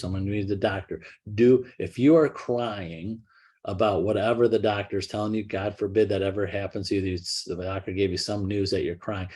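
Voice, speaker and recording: Husky, low-voiced middle-aged American man. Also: darkish tone. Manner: rambling, restarts and acts out quotes. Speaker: real estate brokerage leader. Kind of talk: casual talk to agents.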